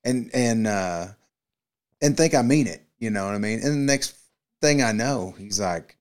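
On a podcast, a male co-host spins rambling, profane stories and acts out quotes in a casual chat. His medium-pitched voice is animated and unhurried.

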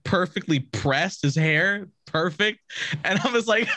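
Young guy co-host, loose cussing storyteller, very lively voice, dry close sound. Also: high-pitched, unhurried, no echo. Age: young adult. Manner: animated storyteller, swears often, laughs a lot. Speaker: podcast co-host, streamer. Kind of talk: casual chat.

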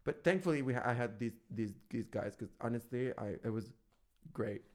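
A man's voice: medium pitch, moderate pace. Campy, chatty male podcast host. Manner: campy, animated storyteller, laughs often. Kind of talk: casual chat.

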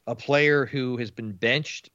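A man's voice: mid-range voice, fairly even intonation, takes it slowly, a bit bright, no echo. A blunt, profane man talking sports on a casual podcast, exasperated. His audio is dull and lo-fi, with a dry, close sound. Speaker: podcast co-host. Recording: dull lo-fi recording.

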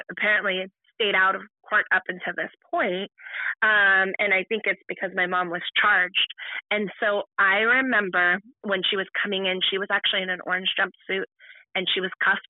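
Woman, podcast guest, halting personal story, many restarts, tinny phone-like line, dry sound. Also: medium pitch, level tone, dry recording. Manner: halting, full of restarts and fillers.

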